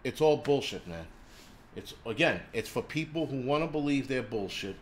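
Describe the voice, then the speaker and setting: A man's voice: medium pitch, animated, normal speed, slight background noise. Foul-mouthed man ranting combatively. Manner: swears constantly, crude and combative. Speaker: host of a prepping channel. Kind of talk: profane livestream rant. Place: indoors in a city.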